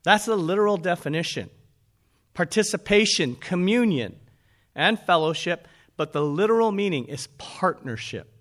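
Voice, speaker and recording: A man's voice: high voice, lively intonation, normal speed, a bit bright. A man preaching a conversational sermon as pastor, asking his listeners rhetorical questions.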